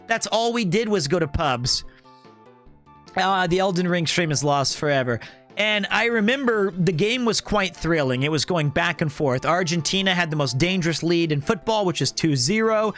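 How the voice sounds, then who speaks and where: A young man hosting a stream, telling a rambling, joking story in a casual, animated way. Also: high voice, normal speed, soft background music. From United States. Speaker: streamer host.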